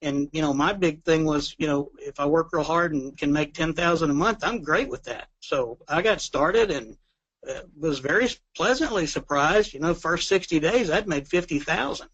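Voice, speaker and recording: A man's voice: a little high, moderate pace, fairly bright tone. A middle-aged man from Texas with a Texan accent giving a plain-spoken, easygoing testimonial on a call. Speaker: guest member giving testimonial. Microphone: remote call line. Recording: dull lo-fi call audio.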